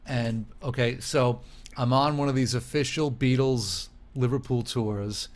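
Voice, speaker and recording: A man in casual conversation on a podcast, telling lively stories and acting out the people in them. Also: mid-range voice, measured pace. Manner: animated storyteller who acts out quoted voices. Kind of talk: casual chat.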